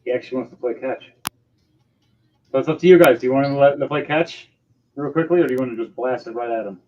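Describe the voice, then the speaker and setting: A man's voice: medium pitch, quick pace, a little mellow. A man narrating as game master of a tabletop game, loose and full of ums and uhs. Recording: slightly dull, lo-fi sound with faint music behind.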